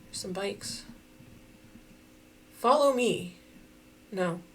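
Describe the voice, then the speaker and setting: A woman giving casual, chatty commentary while playing a geography guessing game, thinking out loud and laughing often. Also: mid-range voice, lively intonation, drawn-out words, a little hiss or hum. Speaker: game streamer.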